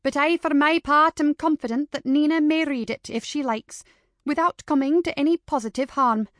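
A woman voicing a calm, composed hostess. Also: high-pitched, normal speed, no room sound, clean studio sound, pitched above the performer's own voice. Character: calm, good-humoured mother and hostess.

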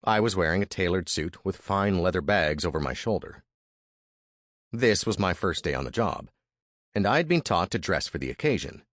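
A man's voice: low voice, lively intonation, normal speed, a bit bright, dry recording, clean studio sound. A man reading a first-person historical story as narrator, with dramatic, vivid storytelling.

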